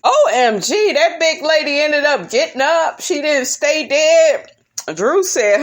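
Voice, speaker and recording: Young woman, sassy profane recap vlogger, swings high and low. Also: slow pace. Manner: sassy, profane, animated with big pitch jumps. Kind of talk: casual recap vlog.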